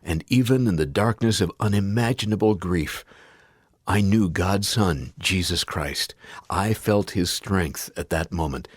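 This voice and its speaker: Male audiobook narrator, very low voice, dry close sound; first-person memoir read. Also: unhurried, breathy edge, no echo. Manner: acts out anguished quoted cries, rising to pleading.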